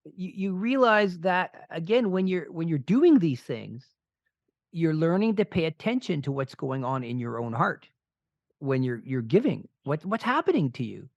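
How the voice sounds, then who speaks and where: Lively middle-aged man in a dull, dry recording. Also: a little high, moderate pace, dry recording. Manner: animated, enthusiastic storyteller. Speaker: podcast co-host. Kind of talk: casual chat and storytelling.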